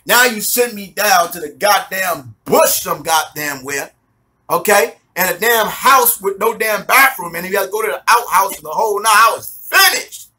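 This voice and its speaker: New guy in his 40s, high bright voice, street slang testimony, laughs a lot. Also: expressive, moderate pace. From New York City. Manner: swears a lot, street slang, keeps asking if you follow; laughs often while telling the story. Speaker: minister giving a testimony. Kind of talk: animated storytelling testimony.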